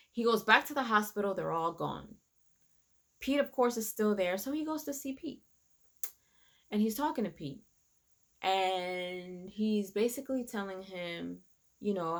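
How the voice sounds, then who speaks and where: A woman giving a casual, animated recap of a TV episode, quoting the characters as she retells it. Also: medium pitch. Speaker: reviewer.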